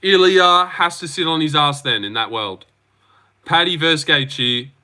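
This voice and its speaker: A man's voice: a little high, measured pace, pushed and bright, clear, resonant tone. A young Australian man hosting a livestream, reading out chat and reacting in loose, slangy talk. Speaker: livestream host.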